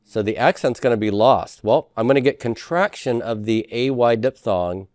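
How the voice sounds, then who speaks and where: A man's voice: mid-range voice, normal speed, a little mellow, no echo, studio quality. A man teaching a class in a lecture style, explaining step by step and often checking with the students. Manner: explanatory, asks checking questions, frequent fillers.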